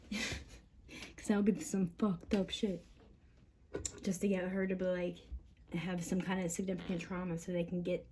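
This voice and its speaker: A woman rants to camera in a long, rambling monologue, her voice mellow and soft-edged despite the heavy cursing. She sounds agitated and laughs between thoughts, and a faint hiss of noise sits under her. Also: lowish voice, level tone, measured pace, pauses often. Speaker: mother venting on camera.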